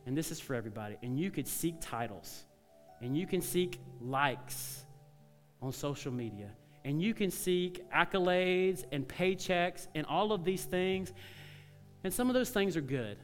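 Male pastor, sermon, fairly high voice, long church reverb, soft music behind. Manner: conversational storytelling, drops to soft earnest tones. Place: church sanctuary.

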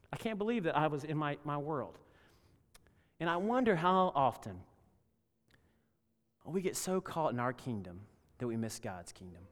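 A man preaching a sermon as pastor, telling a story and swinging between loud emphasis and hushed tones. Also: a little high. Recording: long reverb of a large hall.

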